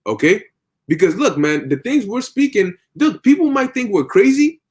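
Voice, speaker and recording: A man's voice: sits high, animated, moderate pace, darkish tone. A man in a casual religious conversation, speaking emphatically and often ending phrases with "man". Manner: emphatic, preachy, punctuates with "man". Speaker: religious discussion participant.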